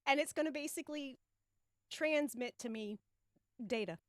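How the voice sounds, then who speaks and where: A woman's voice: high voice, moderate pace, dry recording, clean studio sound. Brief: woman player, matter-of-fact, describing a ritual in a tabletop game. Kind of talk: tabletop game play, explaining moves.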